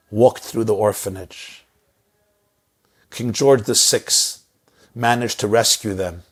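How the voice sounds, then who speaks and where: A man telling a story as a sermon, dramatic and repetitive in his phrasing. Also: on the low side. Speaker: inspirational speaker.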